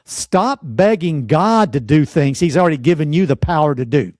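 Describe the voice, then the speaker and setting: A man teaching in an earnest, exhorting sermon style, fond of pointed rhetorical questions and deliberate dramatic pauses. His voice sits somewhat high for a man, and the sound is close and dry with no room echo. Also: lively intonation, a little mellow. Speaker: preacher and teacher.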